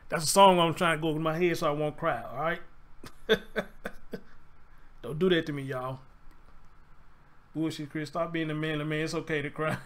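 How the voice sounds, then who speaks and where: A man talks straight to his live chat in a casual, profane way, circling back to the same pleas again and again. He is clearly holding back tears. His voice sits a little high for a man. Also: moderate pace, pauses often. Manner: profane, pleading, repeats himself. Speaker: show host. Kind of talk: casual live-stream commentary.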